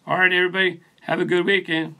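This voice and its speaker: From his studio, a man streams live for his channel, reading comments and chatting with viewers by name in a laid-back, rambling manner while a phone on a post records him. He speaks quickly in a high, pushed, bright voice that barely moves in pitch.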